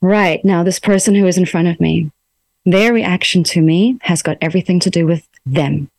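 A woman coaching listeners through emotions in a gentle, coaxing self-help talk, speaking her self-talk aloud from a room in her home. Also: lowish voice, moderate pace, gravelly, dry recording.

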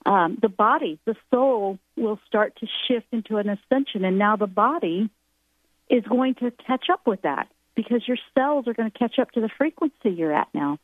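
A woman's voice: fairly high pitch, expressive, moderate pace, dry recording. A woman talking about spiritual growth on a call-in radio show, earnest and rambling. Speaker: spiritual guest speaker. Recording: dry tinny phone-line sound.

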